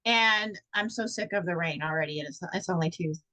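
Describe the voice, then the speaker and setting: A married woman co-hosting a casual chat show with a Texan accent, telling stories in an animated way and acting out quotes with sudden high jumps. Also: fairly quick, poor audio. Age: adult, married. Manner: animated, acts out quotes with big pitch jumps. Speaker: podcast co-host.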